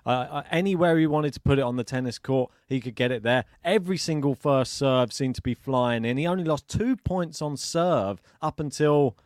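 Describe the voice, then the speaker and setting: A man co-hosting a podcast, chatting casually about tennis, animated and laughing often. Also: mid-range voice, moderate pace, hardly any pauses, no room sound, studio quality. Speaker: podcast co-host.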